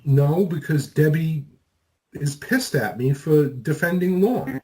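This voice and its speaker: A man's voice: fairly high pitch, measured pace, a little mellow. A man on a phone call, puzzled and defensive. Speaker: call recipient. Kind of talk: phone conversation.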